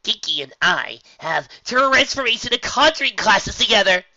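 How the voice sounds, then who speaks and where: A reader voicing an excitable young unicorn filly, loud and bubbly. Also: mid-range voice, normal speed, no room sound, dull audio, voice pushed up, heavily acted. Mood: excited.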